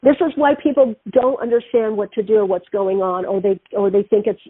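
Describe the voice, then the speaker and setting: Husky-voiced woman on a tinny phone line. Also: medium pitch, fairly quick, no room sound. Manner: animated, acts out quoted voices. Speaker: radio show host. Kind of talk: spiritual talk-show monologue with storytelling.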